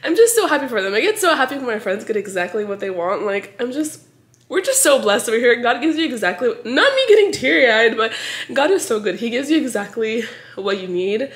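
A young mother chats to camera at home for her family vlog, bubbly and talkative. Her voice is on the high side, brisk, with big swings in pitch, and she laughs often and mixes in Spanish words.

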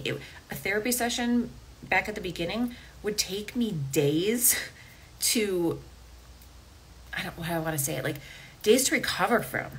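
Woman, low voice, podcast host, casual coaching talk, conversational check-ins, faint background noise. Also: a bit bright, poor audio. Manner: conversational, frequent "okay?" and "right?" asides.

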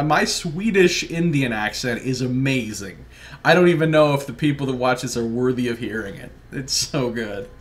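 A man's voice: mid-range voice, fairly bright tone, slight background noise. A man giving casual, joking let's play commentary while chatting with his viewers. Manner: chatty, joking, talks to chat. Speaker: gaming livestreamer.

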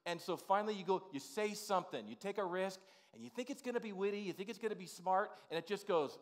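A man's voice: high-pitched, fast. A male pastor delivering an informal, conversational sermon in a church sanctuary, full of "you know" asides.

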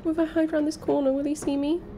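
A woman's voice: high-pitched, level tone, very fast, dark tone, a little hiss or hum. A young woman streaming her first playthrough of a game, chatting casually, swearing and spiraling into panicked repeated words. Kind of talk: casual gameplay commentary.

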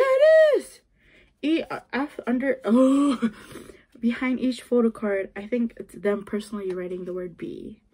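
A woman's voice: medium pitch, dark tone, husky. A woman chatting casually as she unboxes an album, gushing and giggling and often dropping to a whisper, recorded on a phone. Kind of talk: casual chat to camera.

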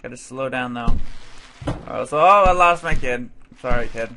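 Slight background noise accompanies a young man's mid-range voice as he commentates his gameplay at a moderate pace. The excitable let's play gamer swears and yelps at the game, then chats with his cat between moments of play.

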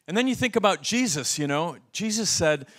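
Preaching in a high voice at a slightly fast clip, a middle-aged pastor brings his stories to life and poses questions to the people listening.

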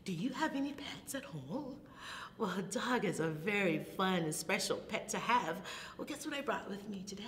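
With long reverb and a faint low rumble in the background, a woman who works as a children's librarian runs a toddler storytime. She moves through rhymes and songs slowly, in a lively sing-song voice, punctuated by delighted gasps and gentle whispers.

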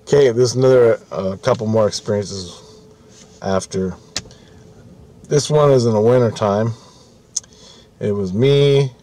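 A man's voice: lowish voice, unhurried, long pauses, mellow. A man telling a story casually, rambling, swearing often and restarting his sentences. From Canada.

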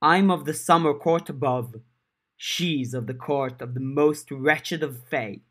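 A man voicing a proud fairy man of the summer court in a fan audiobook, speaking in a slow, grand, theatrical way. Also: fairly high pitch, a bit bright. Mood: grandiose. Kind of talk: audiobook character voice.

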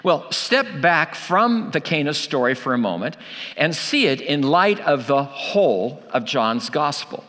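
Emphatic preacher in a reverberant hall. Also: male voice, fairly high pitch, a bit bright. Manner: emphatic, rhetorical questions, repeats key lines. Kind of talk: sermon. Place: church.

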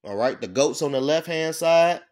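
A man giving an informal sermon. He reads verses slowly, breaks them down bluntly with profanity, and keeps checking in with "all right?". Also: a little high, animated, darkish tone. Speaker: scripture teacher. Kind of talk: informal sermon with scripture reading.

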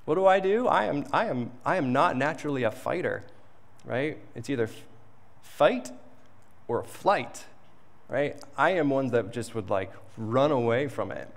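Pastor preaching in a reverberant church. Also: male voice, mid-range voice, expressive, measured pace, creaky. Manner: conversational storytelling, frequent "right?" and "like". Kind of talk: sermon. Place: church sanctuary. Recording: long reverb of a church hall.

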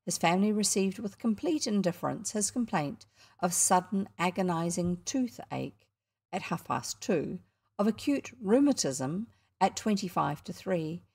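A woman with a New Zealand accent narrating a children's book in a measured, expressive way. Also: medium pitch, vocal fry. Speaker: audiobook narrator. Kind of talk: storybook narration.

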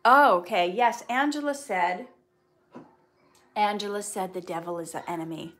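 A woman's voice: mid-range voice, moderate pace, a bit bright. A woman chatting through a casual livestream Q&A. She reads out her viewers' comments and answers each one in a friendly, chatty way. She gives earnest, faith-based advice and mixes it with light humor. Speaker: actress answering viewer questions.

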